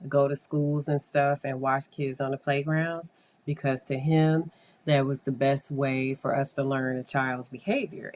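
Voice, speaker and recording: A woman psychologist telling a casual, rambling story, with many fillers and acted-out quotes. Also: sits low. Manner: conversational, rambling, with frequent fillers and quoted dialogue. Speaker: child psychologist.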